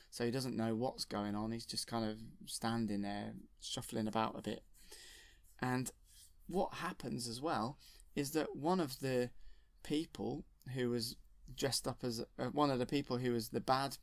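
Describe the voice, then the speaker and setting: A man's voice: mid-range voice, gravelly, dry recording, studio quality. Rambling man retelling a film. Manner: rambling, self-correcting. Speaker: storyteller. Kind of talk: casual film retelling from memory.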